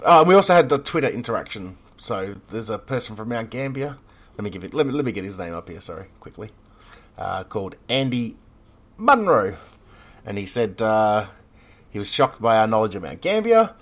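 A man's voice: mid-range voice, big pitch swings, moderate pace. An Australian man hosting a casual podcast chat, rambling with lots of fillers and frequent laughs. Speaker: podcast host.

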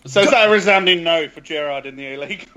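A man in a casual football chat, blunt and excitable, swearing a lot. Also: a little high, fairly quick. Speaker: podcast co-host.

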